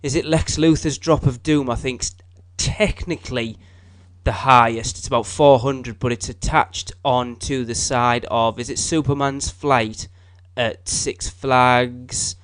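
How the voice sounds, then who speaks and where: A man co-hosting a theme-park podcast, chatting casually in a rambling way that gets excitable and high when worked up. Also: measured pace. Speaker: podcast co-host. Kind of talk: casual chat.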